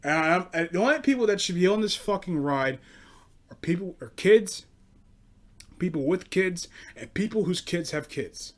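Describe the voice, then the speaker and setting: A man's voice: sits high, expressive, moderate pace. A twenty-year-old man ranting through a story in a casual, profane, exasperated way. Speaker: host.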